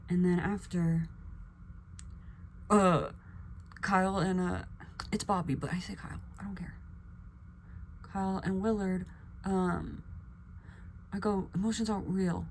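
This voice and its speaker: A young woman vlogger chatting casually while getting ready, acting out quotes with sudden whispers and high bursts. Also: fairly even intonation, measured pace, pauses often, slight background noise. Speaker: beauty vlogger.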